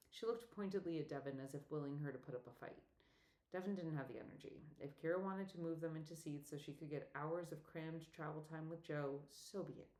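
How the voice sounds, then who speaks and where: Low-voiced woman reading an audiobook. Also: fairly quick, a little mellow. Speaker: audiobook narrator. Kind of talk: scripted audiobook narration. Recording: echoey room.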